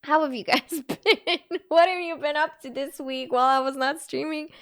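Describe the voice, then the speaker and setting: A young woman from Bulgaria, a live streamer, talking to her chat in a halting, earnest and emotional way. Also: high voice, fairly even intonation, a bit bright.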